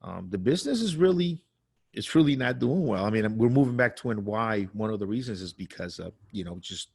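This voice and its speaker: A man's voice: fairly low pitch, lively intonation, fairly quick, gravelly, darkish tone, breathy edge. A man co-hosting a podcast in casual, loose chat, swearing and laughing often. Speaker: podcast co-host.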